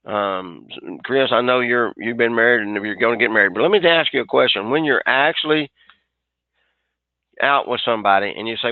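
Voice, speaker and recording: A man's voice: medium pitch, moderate pace, no echo. A man, a sales trainer, coaching a group on a webinar; he talks with energy, restarts often and acts out bits of dialogue. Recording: dry, tinny phone-like line.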